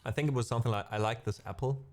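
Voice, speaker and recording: Speaking very fast in a mid-range voice, a middle-aged musician with a German accent chats casually with his stream viewers and live chat. He rambles and uses lots of fillers.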